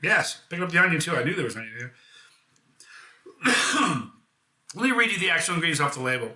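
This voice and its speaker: A man's voice: on the high side, very animated, a little fast, bright, forceful tone, reverberant. A man from the United States hosting a casual live hot sauce review, chatty and enthusiastic, with self-deprecating jokes.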